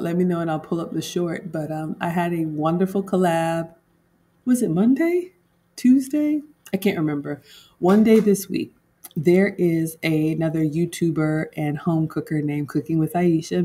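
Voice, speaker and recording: A woman's voice: sits low, normal speed, mellow, husky. A woman home cook vlogger in casual livestream chat, talking straight to her viewers and laughing often.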